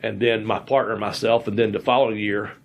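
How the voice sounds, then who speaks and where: A man's voice: on the low side, fairly even intonation, brisk, a little hiss or hum. Rambling man telling wrestling stories. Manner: rambling anecdotes with many fillers and restarts. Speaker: podcast host, former wrestler. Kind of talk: casual storytelling chat.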